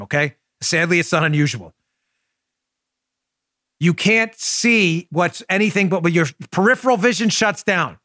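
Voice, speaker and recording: A forceful man in his forties speaks with a Queens, New York accent. His voice sits a bit high and comes across dry and close on a studio microphone. He drives his political commentary with loud emphasis and pointed rhetorical questions. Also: dry recording. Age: 40s. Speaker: podcast host.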